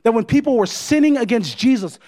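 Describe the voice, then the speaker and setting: A man's voice: extremely high pitch, expressive, brisk, warm tone. A man preaching a sermon as pastor, emphatic, repeating his points and checking in with the congregation.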